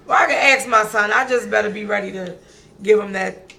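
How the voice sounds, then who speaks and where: Gravelly, bright Baltimore woman on radio. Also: mid-range voice, brisk, slight background noise. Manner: lively, slangy, speaks straight to listeners as "y'all". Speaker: radio show co-host. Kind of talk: casual talk radio discussion.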